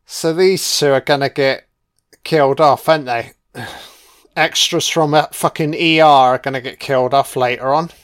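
A man's voice: medium pitch, fairly even intonation, moderate pace, fairly bright tone. A man giving a profane, sarcastic commentary on a film as it plays.

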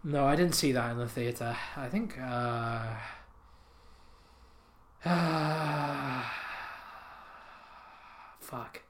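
A man's voice: mid-range voice, very slow, pauses often, noisy background. A man hosting a podcast, telling absurd rambling comic stories, swearing and laughing at his own jokes into a podcast microphone. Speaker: podcast host.

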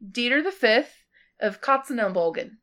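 A woman's voice: on the high side, animated, moderate pace, fairly bright tone. A woman co-hosting a podcast, presenting a haunted place in easygoing chat with light laughs. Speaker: podcast co-host presenting the destination. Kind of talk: casual chat.

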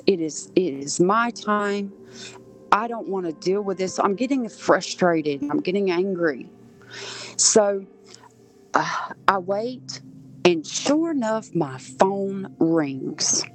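An unhurried woman from Southern Georgia tells a personal experience as a podcast guest. Her voice sits at a middle pitch, and she speaks earnestly, acting out the voices she overheard. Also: sing-song. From Southern Georgia, USA. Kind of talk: personal storytelling.

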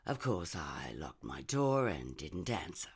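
A woman reading a first-person short story aloud in a measured, expressive way. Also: very deep voice, vocal fry, husky.

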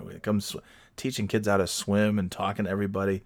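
A man's voice: low-pitched, level tone, brisk, dry recording. A man hosting his own podcast from home, telling rambling stories in a casual, profane, self-deprecating way. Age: adult with children. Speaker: podcast host. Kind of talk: casual solo podcast storytelling. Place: home recording setup.

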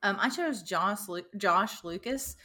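A woman co-hosting a casual podcast chat, enthusiastic and quick to laugh. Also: mid-range voice, animated, pushed and bright. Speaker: podcast co-host.

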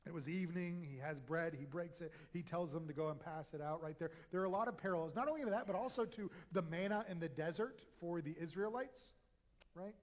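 A pastor giving a conversational sermon in a church, sometimes acting out quoted voices with humor. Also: male voice, on the high side, fairly quick. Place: church sanctuary. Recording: echoey hall, dull lo-fi sound.

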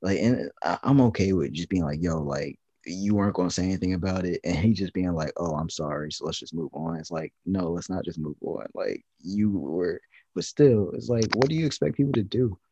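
A man with a very low, dark and husky voice talks in loose, rambling casual chat. He stops and restarts often, leaning on fillers. The recording is dry and dull, lo-fi. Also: brisk, dry recording. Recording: dull lo-fi sound.

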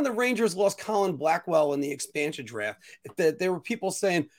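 A man hosting a casual sports talk show, ranting opinions in an animated way. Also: high voice, normal speed. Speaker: podcast host.

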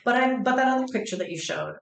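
Measured woman guest, echoey room. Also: a little high, lively intonation, gravelly, slight background noise. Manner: measured, explanatory. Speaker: guest paranormal investigator. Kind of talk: casual chat. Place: inside an old hospital building. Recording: echoey room in an old building.

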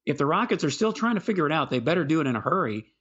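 A man with a voice a little higher than most chats about basketball on a podcast. He speaks haltingly and often repeats a word before his thought comes out. The sound is dull and lo-fi. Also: big pitch swings, a bit bright, slightly rough. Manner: halting, repeats words when starting sentences. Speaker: sports podcast co-host. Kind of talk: casual sports discussion.

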